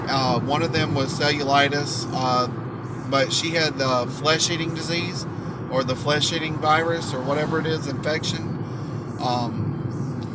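A man vlogging from a car, telling a heartfelt personal story in a rambling way with lots of fillers. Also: a little high. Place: riding in a car. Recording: loud road noise from a car.

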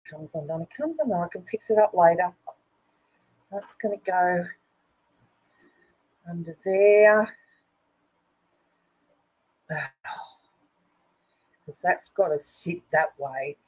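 A woman's voice: on the low side, expressive, slow, pauses often, a little mellow, slightly rough, low-quality recording. A woman chatting casually to viewers and herself while she works on a craft project. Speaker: craft video host.

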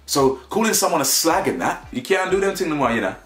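A man's voice: a little high, fast talker. Guy ranting, repeats himself, echoey room, faint music. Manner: animated, rambling, repeats himself. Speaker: commentary YouTuber. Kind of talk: casual opinion commentary.

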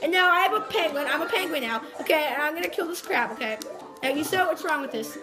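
Very high-voiced woman ranting while gaming. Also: lively intonation, quick pace. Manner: foul-mouthed, mocking, bursts into yelling. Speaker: gameplay commentator. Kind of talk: profane ranting game commentary. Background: game music.

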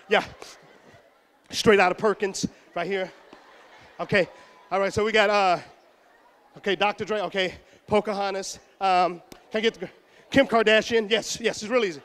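In an echoey school auditorium, a middle-aged Houston native with a high voice delivers a lively motivational talk to students. He plays out characters' voices and shouts the punchlines.

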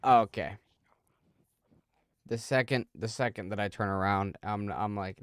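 A woman hosting a live gaming stream with a very deep voice that swings widely in pitch. She teases her viewers with wry, sarcastic asides. The sound is dry and close. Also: animated, a little slow, long pauses, no echo. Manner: wry, teasing, sarcastic remarks. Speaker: streamer host. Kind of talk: casual live-stream chat while gaming.

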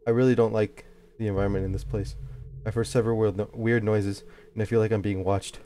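A jittery young gameplay YouTuber comments on his horror game playthrough in a lowish, dark-toned voice that barely moves in pitch and runs quick. When scared he swears, yelps, and talks to himself, with slight background noise behind him.

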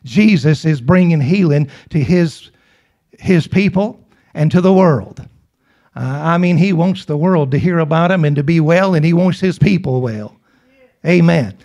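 Middle-aged male preacher, slightly high voice, emphatic and repetitive sermon delivery. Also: a little mellow, dull audio. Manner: emphatic, repeats and asks the congregation questions.

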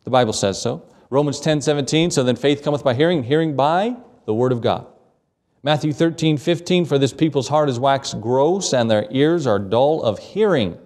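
A pastor preaching a sermon, reading scripture aloud and asking the congregation rhetorical questions. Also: male voice, mid-range voice, normal speed, a little mellow. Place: church sanctuary. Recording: echoey church hall, mic from a distance.

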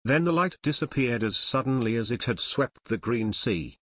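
A man narrating an adventure audiobook in a steady, measured reading, recorded close to the mic. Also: medium pitch, no room sound. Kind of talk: scripted narration.

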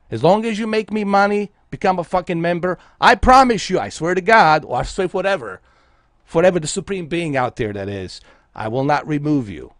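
A man's voice: fairly high pitch, dry recording. Profane taunting man, dry sound. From Bosnia. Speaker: game streamer. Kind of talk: livestream rant.

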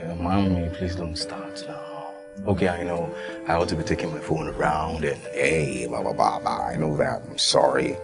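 A man's voice: extremely low pitch, steady tone, normal speed, gravelly, over loud music. A young man with a Nigerian accent playing an affectionate grown son. He teases and sweet-talks his parents on the phone and switches between English, pidgin and Yoruba. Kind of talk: film dialogue.

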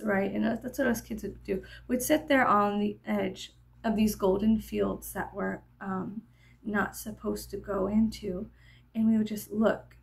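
A woman vlogger telling a meandering story while getting ready, full of fillers and drifting into soft whispers. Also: mid-range voice, vocal fry. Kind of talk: rambling get-ready-with-me storytelling.

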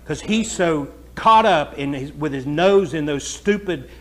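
A man with a fairly high voice delivers a homespun sermon. He talks plainly and chattily with his congregation, then presses his points with rising force. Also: expressive, a little slow, fairly bright tone. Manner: folksy, chatty preaching that builds to emphatic, raised stretches. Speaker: pastor. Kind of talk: conversational sermon.

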